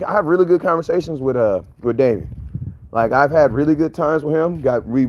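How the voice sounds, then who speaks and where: Energetic man hosting a live stream. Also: fairly high pitch, dry recording, dull audio. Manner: energetic, slangy, shouts out viewers by name. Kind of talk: casual live stream chat. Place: outdoors on a morning walk.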